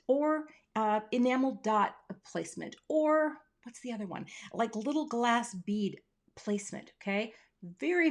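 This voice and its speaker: A woman hosting a casual live crafting tutorial from her home craft room on a webcam, chatty and playful, with self-deprecating asides. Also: fairly high pitch. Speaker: craft teacher hosting a livestream.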